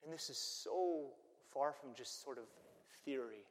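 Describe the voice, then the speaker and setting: A man, a Catholic priest, preaching a sermon and telling stories in an animated way. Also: mid-range voice, unhurried. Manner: animated storytelling that acts out the people it quotes. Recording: long church-hall reverb.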